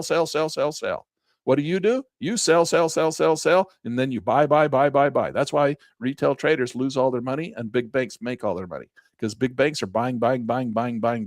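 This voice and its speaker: A man's voice: mid-range voice, dry recording, clean studio sound. A man giving a casual chart walkthrough as a trading instructor, emphatic and folksy, chanting repeated words for effect.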